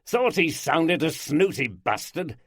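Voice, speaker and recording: A man's voice: a little high, sing-song, takes it slowly, no echo, pitched above the performer's own voice, exaggerated voice. Hearty teasing Yorkshire police boss, raised voice, dry close sound, a male narrator doing him. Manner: hearty, chuckling.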